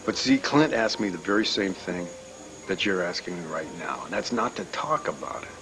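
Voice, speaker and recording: A loyal man torn over a secret in a daytime soap. His voice sits on the low side, and he hesitates and stammers. Faint music plays under him. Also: lively intonation, normal speed, fairly bright tone, rough recording. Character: uneasy loyal man keeping a brother's secret.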